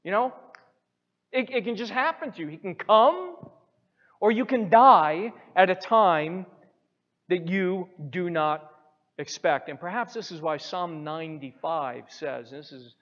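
Male pastor, high voice, emphatic and repetitive sermon delivery, muffled hall recording. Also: lively intonation, measured pace, fairly bright tone. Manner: emphatic preaching, repeats phrases for stress. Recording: muffled sound in a reverberant hall.

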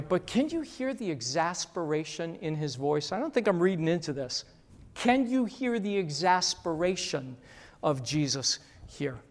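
Slow, emphatic preacher in a reverberant hall. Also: male voice, high-pitched. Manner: emphatic preaching that swings from loud to hushed, with repeated phrases. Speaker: pastor. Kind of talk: sermon. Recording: long church-hall reverb.

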